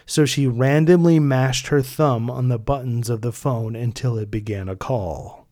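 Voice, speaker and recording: Man narrating a story with measured delivery. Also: medium pitch, a little mellow, slight background noise. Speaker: author and narrator.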